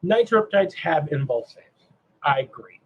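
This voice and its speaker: A man hosting a casual livestream chat, animated and asking himself rhetorical questions. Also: a little high, unhurried, husky, lo-fi sound. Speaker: stream host.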